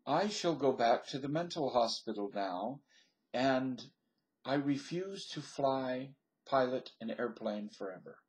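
A man's voice: mid-range voice, animated, unhurried, poor audio. An older man rambling through a stream-of-consciousness comedy monologue into a webcam at home, laughing at his own jokes. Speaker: vlogger.

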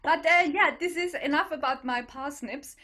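A woman hosts an online comedy show over a video call. Her voice is high, and she talks hesitantly, with plenty of fillers and frequent giggles. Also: moderate pace, bright, forceful tone.

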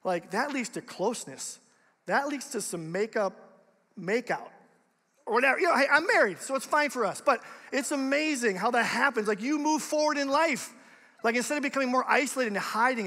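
High-voiced young man preaching in a hall. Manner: casual, animated, conversational preaching. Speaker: youth pastor. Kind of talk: youth sermon. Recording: long reverb of a large hall.

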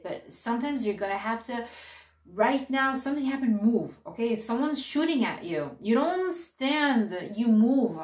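A woman giving a casual spiritual talk, speaking in an earnest, direct and encouraging way. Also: fairly high pitch. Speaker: spiritual teacher. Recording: roomy echo, distant mic.

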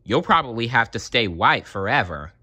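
A man voicing a matter-of-fact toy duck in a storybook reading, low and sensible. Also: big pitch swings, moderate pace, pushed and bright, husky, full character voice.

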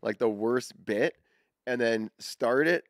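A man co-hosting a hockey podcast in casual chat, animated and acting out players' lines. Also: medium pitch, slow pace, no echo, studio quality. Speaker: podcast co-host.

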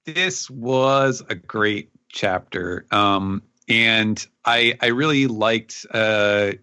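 A man on a podcast talking through a recap in a casual, rambling way, pausing often on fillers. His voice is lowish and even. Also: clear, resonant tone. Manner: rambling, filler-heavy, hesitant. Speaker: podcast panelist.

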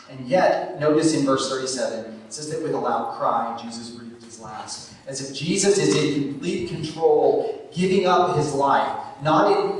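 Preacher man echoing in a distant church. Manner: rises to emphatic bursts then drops low and quiet. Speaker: pastor. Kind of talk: sermon. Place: church sanctuary. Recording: echoey church from far off with faint noise.

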